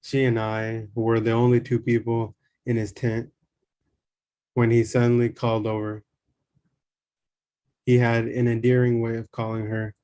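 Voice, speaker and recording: Man, slow memoir reading, calm measured delivery, flat pitch, dark mellow tone. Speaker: reader.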